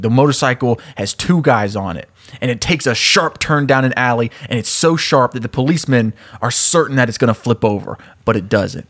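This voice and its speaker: Guy casually retelling a movie scene, laughing a lot, average pitch, chatty. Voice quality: laughs often, animated storyteller. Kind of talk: casual chat, retelling a story.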